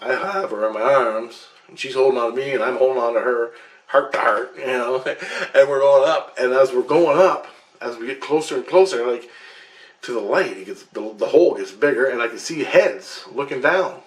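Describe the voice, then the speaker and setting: At medium pitch and moderate pace, a man vlogs about his own past-life recall, telling it casually and emphatically. Swearing and restarts pepper his account. A computer webcam captures it, with a roomy echo.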